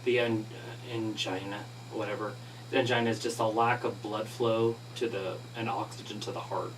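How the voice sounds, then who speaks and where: A man's voice: on the low side, steady tone, normal speed. A man co-hosting a livestream, casually commenting on wrestling with dry, offhand remarks. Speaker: livestream co-host. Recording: distant mic with faint hum.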